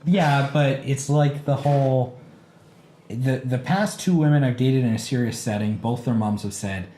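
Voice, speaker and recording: A man in his thirties co-hosting a casual podcast, telling animated, self-mocking stories. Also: mid-range voice, normal speed. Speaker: podcast co-host. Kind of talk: casual chat. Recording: echoey room with faint background noise.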